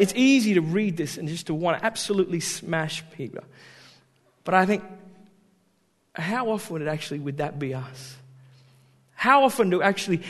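Animated preacher man in a reverberant hall. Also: on the high side. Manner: animated, swings between loud emphasis and quiet asides. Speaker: pastor. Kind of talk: sermon.

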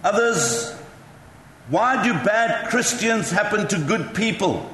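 A man's voice: high voice, expressive, slow pace, bright, forceful tone, slight background noise. A male pastor preaching a sermon, telling chatty, self-mocking stories to the congregation. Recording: echoey hall with faint ambience.

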